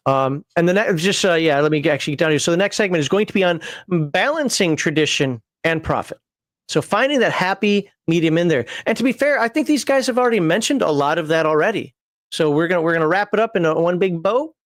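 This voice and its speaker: Male stream host, a bit high-voiced, reading out chat with blunt opinions; dry close-miked sound. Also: expressive, fast, no room sound. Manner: opinionated and wry, with frequent fillers. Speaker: host of a livestream panel show. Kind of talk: casual livestream chat, reading viewer comments.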